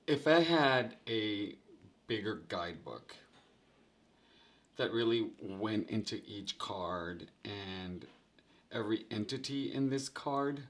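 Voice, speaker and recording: A man hosting his own tarot vlog, chatting animatedly to viewers, laughing often and calling them "guys". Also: lowish voice. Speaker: tarot video host. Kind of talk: casual vlog talk to viewers.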